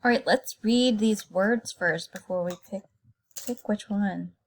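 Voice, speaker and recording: A woman kindergarten teacher leads a recorded phonics lesson at an unhurried pace, drawing each word out slowly. Her voice sits at a middle pitch. She is patient and clear, and she breaks simple words into their sounds for small children.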